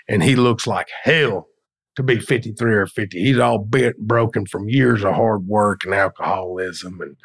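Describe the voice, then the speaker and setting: Husky, blunt mason. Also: male voice, fairly low pitch. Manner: blunt, profane storyteller. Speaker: guest, masonry business owner. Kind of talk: casual storytelling.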